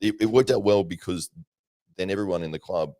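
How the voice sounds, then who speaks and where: Very deep-voiced podcast host. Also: male voice, fairly quick, dark tone, no room sound, studio quality. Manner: reads viewer comments aloud, laughs easily, chatty storytelling. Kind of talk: casual live-stream chat.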